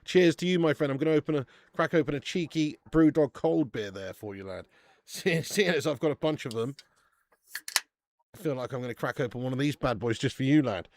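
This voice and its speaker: A man hosting a casual live football watch-along stream, chatty and excitable, often laughing and loudly greeting viewers. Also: medium pitch, a little fast, slight background noise.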